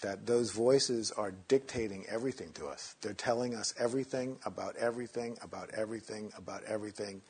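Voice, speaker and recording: A man teaching meditation in a relaxed, conversational way, sometimes acting out inner voices in a mocking tone. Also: lowish voice, brisk, few pauses, husky.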